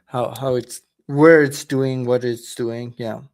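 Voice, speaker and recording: A man who is new to a coding tool, chatting casually during a screen-share lesson and speaking in a hesitant, halting way. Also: mid-range voice, fairly even intonation, darkish tone. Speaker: beginner learning to code.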